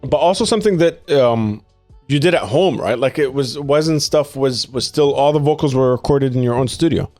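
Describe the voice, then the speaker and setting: A man's voice: medium pitch, normal speed, a little mellow, no room sound, soft background music. A male podcast host talking casually and enthusiastically with a guest, swearing freely and using lots of fillers.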